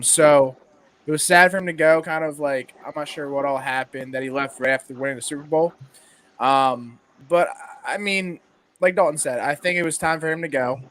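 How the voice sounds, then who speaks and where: A man on a sports podcast video call, talking earnestly and reflectively with frequent pauses. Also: fairly high pitch, fairly bright tone. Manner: earnest, reflective, many ums. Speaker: podcast panelist. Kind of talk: casual sports podcast chat.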